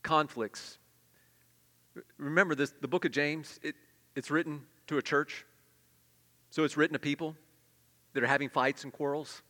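A middle-aged man preaches a sermon in a fairly high, bright voice. He swings from loud, emphatic peaks down to hushed, confessional asides. His voice rings with the long reverb of a church hall. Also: steady tone, normal speed, long pauses. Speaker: pastor.

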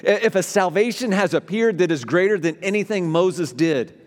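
A male pastor delivers a sermon in an animated way, his voice climbing and falling to stress his points. His voice carries through a large room with a long, lingering reverb. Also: sits high, moderate pace. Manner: animated, voice rising and dropping for emphasis. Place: church sanctuary.

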